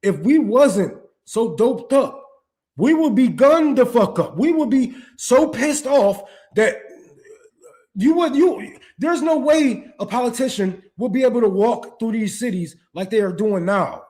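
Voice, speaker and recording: A young man delivers an animated but slightly slow ranting monologue, heated and profane. He stumbles and restarts repeatedly, alternating between loud outbursts and muttering under his breath.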